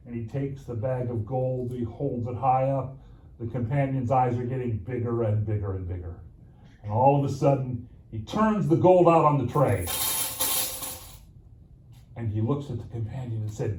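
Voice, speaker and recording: A man preaching through a story at an unhurried pace, with dramatic pauses and playful asides. His voice is mellow and swoops up and down lively. The sound is roomy and distant, with a faint hum of ambience behind. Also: mid-range voice. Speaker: pastor. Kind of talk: sermon storytelling. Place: church sanctuary. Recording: echoey church room, mic from afar, faint ambience.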